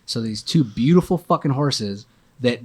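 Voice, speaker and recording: A man telling a story as a podcast guest, animated and full of swearing. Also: mid-range voice, normal speed, breathy edge. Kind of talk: casual storytelling.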